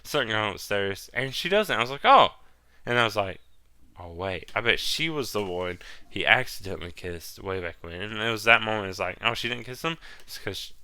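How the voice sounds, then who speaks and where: A man's voice: on the low side, animated, brisk, pushed and bright, smooth, no echo. A man hosting a solo podcast, rambling casually and swearing as he recaps a film. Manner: rambling, loose and profane, drops into mock quotes. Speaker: podcast host.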